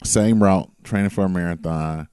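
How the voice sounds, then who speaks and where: A man's voice: low-pitched, normal speed, smooth, no echo, clean studio sound. A man co-hosting a podcast, telling casual stories with lots of swearing. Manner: animated storyteller, swears freely. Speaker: podcast co-host. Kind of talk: casual storytelling chat.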